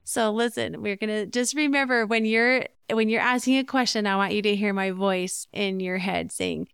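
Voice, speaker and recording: A woman hosts a relationship advice podcast, speaking earnestly and in a teaching manner. Her voice carries a gravelly edge yet stays smooth and resonant. The recording is dry and close, with no room sound. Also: medium pitch, fairly even intonation, normal speed, fairly bright tone, no echo. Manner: earnest, instructive, acts out example phrases. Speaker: podcast host.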